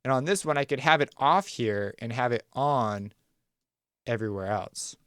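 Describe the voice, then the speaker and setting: A man hosting a music production tutorial, talking casually and thinking aloud as he walks through a software workflow. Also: mid-range voice, normal speed, clear, resonant tone, no room sound. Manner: relaxed, conversational, thinks aloud while clicking. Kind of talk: screen-recorded software tutorial.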